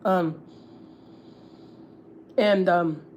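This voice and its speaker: A woman's voice: fairly low pitch, extremely slow, a little mellow, slight background noise. A woman, chatting casually and swearing freely as host of a gossip livestream, often repeating herself. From Houston, Texas.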